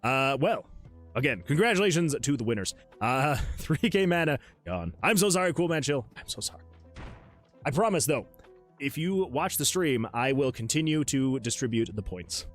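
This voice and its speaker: A man hosting a casual livestream, chatting excitedly with viewers, laughing often and reading chat messages aloud. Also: mid-range voice, normal speed, faint music behind. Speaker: livestream host and game developer.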